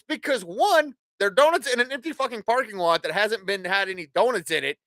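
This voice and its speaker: High-voiced, bright, profane ranting man. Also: fairly quick, dry recording. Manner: profane, rambling, opinionated. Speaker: talk show host. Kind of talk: casual ranting monologue.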